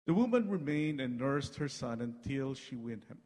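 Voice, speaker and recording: A man reading scripture in a measured, solemn way during worship. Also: medium pitch, very animated, darkish tone. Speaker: scripture reader. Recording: long church hall reverb.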